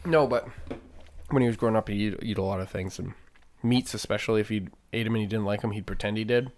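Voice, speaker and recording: A man's voice: fairly low pitch, fast talker. Man playfully grumbling on a live show. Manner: animated, playfully complaining. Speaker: co-host. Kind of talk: casual chat.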